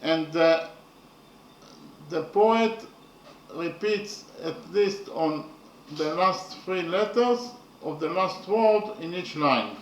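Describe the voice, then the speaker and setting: A man teaching a lesson on poetry, speaking haltingly and often checking understanding. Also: a little high, expressive. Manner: halting, repeats points with "okay?". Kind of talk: lecture on poetry. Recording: echoey room, mic at a distance, faint noise.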